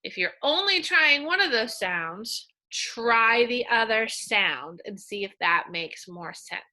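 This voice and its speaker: A woman teacher giving a slow, coaxing reading lesson to young children, sounding out words in a sing-song way. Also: a little high, animated, bright, forceful tone.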